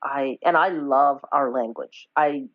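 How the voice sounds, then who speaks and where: A woman's voice: rumbling low, takes it slowly, no echo. A woman, chatting in a podcast interview in a rambling, self-correcting way. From Newfoundland, Canada. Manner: rambling, self-correcting, warm storytelling with laughs. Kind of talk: casual conversation. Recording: dull, dry lo-fi podcast audio.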